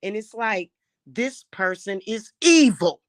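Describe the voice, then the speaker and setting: This middle-aged woman's mid-range voice is expressive and slow-paced, recorded at studio quality with no echo. As a spiritual reader and spellwork vlogger, she goes on an unscripted angry rant to camera in her vlog. She sounds heated and profane, repeats herself, and frequently restarts sentences.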